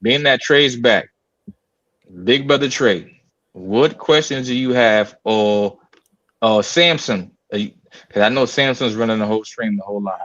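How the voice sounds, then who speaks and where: A man from New York co-hosting a casual podcast. He is animated and quick to jump in. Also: medium pitch, no echo, highs cut off. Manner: animated, quick to cut in and joke. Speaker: podcast co-host. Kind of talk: casual group chat.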